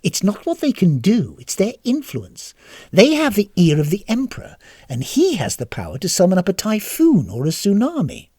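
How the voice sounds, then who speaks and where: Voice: mid-range voice, wildly swooping pitch, moderate pace, dark tone, breathy edge, dry recording, clean studio sound, voice pushed up. A storyteller voicing a prim, earnest female turtle princess who coaxes and scolds. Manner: coaxing, scolding, sarcastic.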